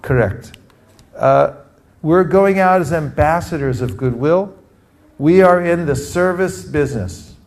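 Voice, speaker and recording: A man from California teaching a live group in an energetic workshop style, calling for responses from the audience. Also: on the high side, measured pace. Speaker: teacher leading a training session. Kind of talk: interactive workshop talk.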